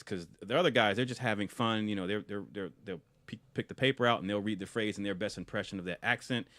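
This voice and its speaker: A man, a podcast co-host, retelling a film scene in casual review chat, animated and often restarting and repeating words. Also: on the low side, no echo, clean studio sound.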